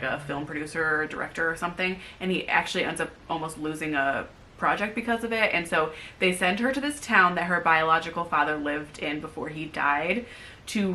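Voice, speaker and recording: Young woman co-host, casual book chat: bright, forceful, slightly low voice, rambling and ranty. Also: a little hiss or hum. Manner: rambling, filler-heavy, animated ranting.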